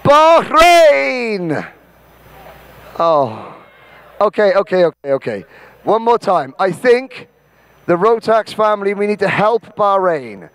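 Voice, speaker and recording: A Welsh man with a very high, smooth, resonant voice hosts an event and directs a crowd. He talks in an unhurried way, cracks bossy jokes and belts out names one by one. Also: sing-song. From Wales. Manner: bossy, joking, shouts out names. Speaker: event host. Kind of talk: directing a crowd and calling a roll.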